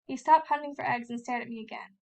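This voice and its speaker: A woman's voice: a little high, fairly even intonation, fast talker, gravelly, darkish tone. A woman reading a first-person novel aloud in a plain storytelling way. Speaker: reader.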